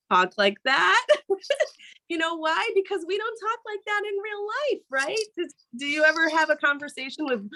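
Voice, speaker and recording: A woman's voice: extremely high pitch, big pitch swings, a little slow, sharp tone. A woman who anchors morning TV news, giving a casual motivational talk to a group in a plain, conversational way and often checking in with "right?".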